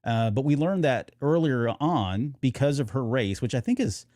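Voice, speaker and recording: A man co-hosts a podcast in loose, rambling chat, stopping and restarting his thoughts with plenty of fillers. His voice sits in a middle pitch. It is picked up on a dry, close mic with no room sound. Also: normal speed, a little mellow, dry recording. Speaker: podcast co-host. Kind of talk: casual chat.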